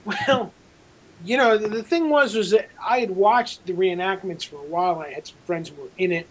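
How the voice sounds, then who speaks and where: A man, a film director being interviewed, telling a rambling, animated story with frequent restarts. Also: high-pitched, normal speed, highs cut off.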